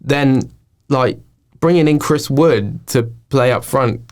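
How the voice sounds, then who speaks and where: Guy, mid-pitched voice, relaxed podcast co-host thinking out loud. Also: slow. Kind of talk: casual football chat.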